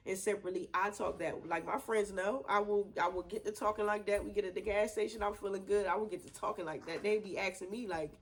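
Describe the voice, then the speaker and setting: A woman being interviewed about her twin brother, talking in a loose, chatty way with lots of laughter, and going soft and quiet when she says she misses him. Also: medium pitch, fairly even intonation, fast talker, hardly any pauses, rough recording. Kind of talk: casual interview.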